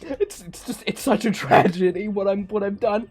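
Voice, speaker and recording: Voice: medium pitch, moderate pace, few pauses, darkish tone. A streamer chatting casually on a live stream, joking and laughing often between lines. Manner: joking, laughs often, mock-tearful bits.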